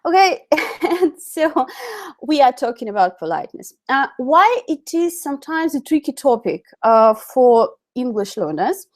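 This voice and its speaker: Russian-accented woman, slightly high-pitched, hosting a live English lesson, loose, filler-heavy delivery. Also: very animated, unhurried. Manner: chatty, many fillers and self-corrections. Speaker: English communication teacher. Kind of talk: live-streamed online lesson.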